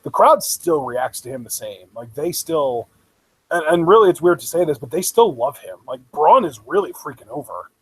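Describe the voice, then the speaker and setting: A man's voice: a little high, big pitch swings, moderate pace, rough recording. A young man co-hosting a casual wrestling review show, enthusiastic, laughing often and full of fillers like "like". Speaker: podcast co-host.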